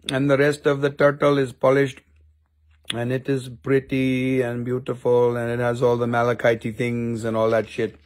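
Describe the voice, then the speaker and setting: A man hosting a casual live-stream sale of rocks and minerals, chatty and jokey, with offhand swearing. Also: fairly high pitch.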